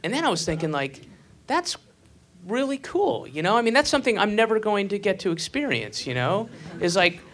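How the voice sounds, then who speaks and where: Male stand-up, slightly high, bouncy delivery; crude rambler who flips into loud acted rants. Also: very animated, brisk. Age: adult. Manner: rambling with fillers and restarts, crude and profane. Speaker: stand-up comedian. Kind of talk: stand-up routine.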